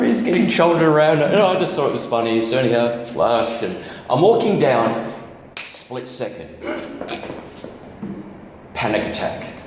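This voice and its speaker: A man's voice: medium pitch, a little hiss or hum. A man giving a candid testimony as guest preacher at a church, telling a personal story with self-deprecating humor. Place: church hall. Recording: echoey church hall.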